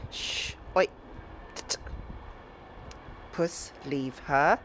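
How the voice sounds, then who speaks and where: A woman filming her cats at home on a phone, cooing at them in sing-song baby talk. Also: very slow. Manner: sing-song cooing, jumps between squeaky highs and low scolding. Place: home, indoors. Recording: loud background noise.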